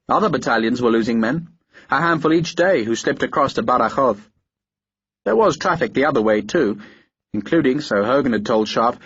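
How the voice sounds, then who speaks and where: A man reading a historical war novel in a steady, measured audiobook narration. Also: medium pitch, breathy edge, dry recording, muffled recording.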